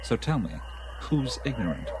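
Against a noisy background, a man with a sing-song, mid-range voice speaks at normal speed in a lightly acted film role. His character is an enthusiastic dinner guest who lectures on ancient mysteries and keeps chewing through his long explanations.

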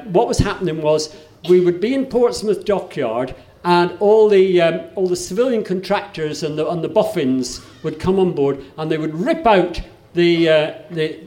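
A man's voice: fairly high pitch, darkish tone, roomy sound. An older man telling a humorous story on stage between songs, chatty and wry, often restarting his sentences. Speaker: folk singer and storyteller. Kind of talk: live on-stage song introduction.

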